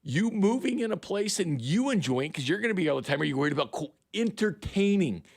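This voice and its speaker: A man's voice: high-pitched, very animated, brisk, dry recording. A man co-hosting a sports radio show, bantering casually with blunt, ranting complaints into a studio microphone.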